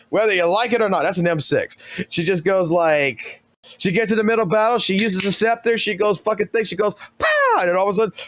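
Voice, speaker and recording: A man streaming, giving casual reaction commentary in a rambling, profane, excitable way. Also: high voice, no room sound.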